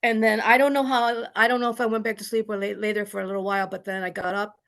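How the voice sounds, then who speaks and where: A woman's voice: mid-range voice, flat delivery, fast talker, vocal fry, fairly bright tone. A woman sharing a personal story in an online group, earnest and rambling, with many restarts. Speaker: study group participant. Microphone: video call.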